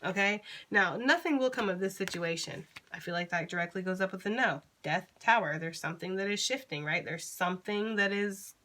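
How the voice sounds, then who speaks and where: A woman's voice: mid-range voice, a little fast, few pauses, fairly bright tone. A woman giving a casual tarot reading, chatty and reassuring, blunt and freely profane. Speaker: tarot reader.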